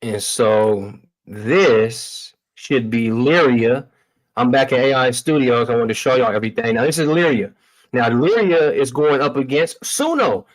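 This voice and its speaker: A man's voice: medium pitch, lively intonation, unhurried, rough recording. A man hosting a livestream, talking through tech demos in a loose, slangy, casual way. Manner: loose, slangy, addresses viewers as y'all. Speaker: livestream host. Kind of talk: casual tech demo talk.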